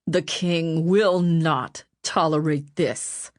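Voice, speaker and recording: Audiobook reader voicing a furious male spymaster, snarling, unhurried menace. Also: low voice, no echo, clean studio sound. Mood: menacing. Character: scheming male royal spymaster, furious and bullying.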